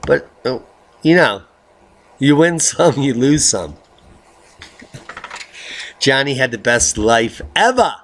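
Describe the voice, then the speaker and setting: A middle-aged man hosting a video blog, rambling through weather news with jokes, rhymes and theatrical swings into high baby talk. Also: big pitch swings, very slow, long pauses, fairly bright tone, slight background noise. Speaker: video blogger host. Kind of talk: rambling weather commentary vlog.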